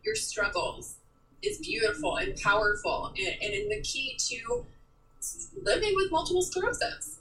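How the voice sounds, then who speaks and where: A young woman speaking as an interview guest, animated and emotional, acting out quoted lines as she talks. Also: extremely high pitch, normal speed, recorded from a distance, poor audio. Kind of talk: candid interview talk.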